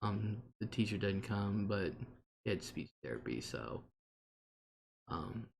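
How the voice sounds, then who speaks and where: A man hosts a casual livestream from his home, sitting at a table, chatting freely, laughing often, and answering viewer comments. His fairly low voice is sing-song and slow, with vocal fry.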